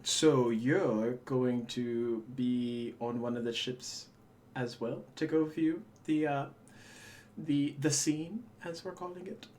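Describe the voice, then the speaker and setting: A man's voice: medium pitch, steady tone, takes it slowly, darkish tone, natural voice. A man voicing a scheming male guard officer who talks in an evasive, conspiratorial way. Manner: conspiratorial, hedging.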